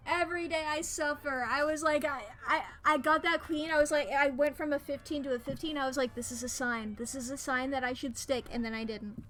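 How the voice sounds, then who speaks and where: A woman streamer giving let's-play commentary, reading the game's text aloud and reacting with animated, melodramatic outbursts. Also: sits high, a little fast, few pauses.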